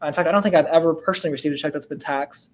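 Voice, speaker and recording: A man's voice: a little high, very fast. A man in his twenties hosting a casual live-stream Q&A, laid-back and slangy, with lots of fillers and laughs. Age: 20s. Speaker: host answering viewer questions.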